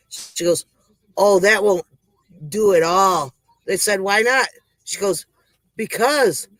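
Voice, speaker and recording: Male performer as a rambling, breathless country-woman comic host; high voice, slow, dry close sound. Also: fairly bright tone, no room sound, low-quality recording. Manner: rambling, sighing between jokes. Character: folksy joke-telling country woman host. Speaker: comedy show host. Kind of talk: comic monologue.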